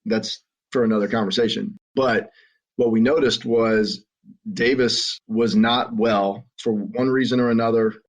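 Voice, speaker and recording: A middle-aged man with a Southern American accent, telling his story as a podcast guest in an earnest, halting way with frequent restarts. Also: on the low side, fairly even intonation. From Southern United States. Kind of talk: conversational storytelling. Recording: muffled lo-fi audio.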